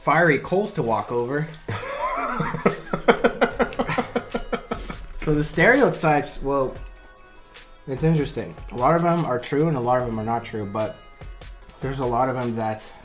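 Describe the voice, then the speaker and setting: A man's voice: mid-range voice, normal speed, soft background music. An American man as a guest in a casual interview, talking in an easygoing, joking way. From United States. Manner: easygoing, joking, laughs between sentences.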